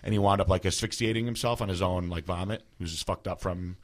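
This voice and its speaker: Low-voiced man telling a rambling story. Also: fairly even intonation, quick pace. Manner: rambling, filler-heavy, emotional storytelling. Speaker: podcast host. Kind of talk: casual storytelling.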